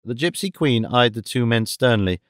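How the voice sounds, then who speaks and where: Male audiobook narrator, even delivery, dry studio. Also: medium pitch, normal speed, clear, resonant tone, no echo. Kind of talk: scripted narration.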